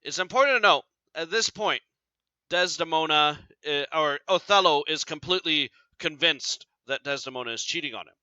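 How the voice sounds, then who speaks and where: A man's voice: on the high side, normal speed, sharp tone, clear, resonant tone, dry recording, dull audio. Man explaining a play, asking "right?". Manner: explanatory, checks in with frequent "right?". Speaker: teacher. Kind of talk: recorded literature lecture.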